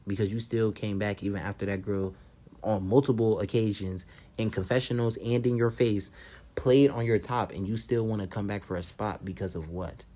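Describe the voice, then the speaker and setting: A man's voice: fairly low pitch, fairly even intonation, moderate pace, warm tone. A young man casually recapping a reality show, blunt and profane, gossiping and acting out what the cast said.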